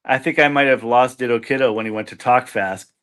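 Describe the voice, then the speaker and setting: A laid-back man co-hosting a podcast, hesitant and easily distracted. His voice is bright and forward, sitting at a middle pitch. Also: steady tone, a little fast, smooth. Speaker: podcast co-host. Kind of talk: casual podcast chat.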